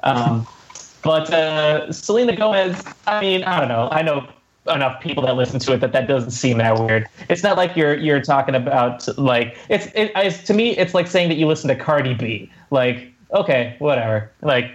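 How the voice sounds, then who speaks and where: A man's voice: a little high, lively intonation, normal speed, lo-fi sound, a little hiss or hum. A man hosting a casual podcast chat, laid-back and full of fillers and laughs. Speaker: podcast host.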